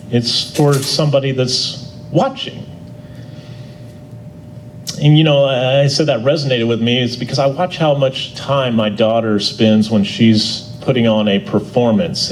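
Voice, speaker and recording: A man teaching a church Bible class in a folksy, conversational way. He often restarts and repeats words, and he gets louder on his key points. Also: mid-range voice, slight background noise, poor audio.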